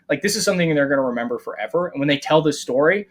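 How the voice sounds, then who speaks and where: A man's voice: fairly high pitch, fast talker, few pauses. A man co-hosting a golf podcast, telling stories in casual chat and swearing freely. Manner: animated storyteller, swears freely. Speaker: podcast co-host.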